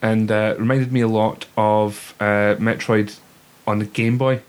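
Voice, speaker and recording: A man's voice: fairly low pitch, level tone, a little slow, a little mellow. A man co-hosting a podcast, laid-back and wry in casual chat. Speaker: podcast co-host.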